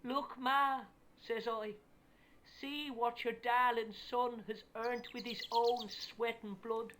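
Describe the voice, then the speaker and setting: A woman's voice: on the high side, level tone, slow, fairly bright tone, slight background noise. A woman voicing a scrappy Irish runaway boy in a video game, defiant and full of tall tales. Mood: pleading tale. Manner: defiant, tall-tale spinning.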